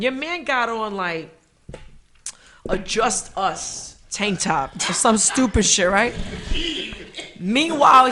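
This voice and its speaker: Brash New woman hosting live. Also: mid-range voice. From Bronx, New York. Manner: brash, profane, loud comic storytelling. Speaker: live show host. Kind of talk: live show banter and storytelling.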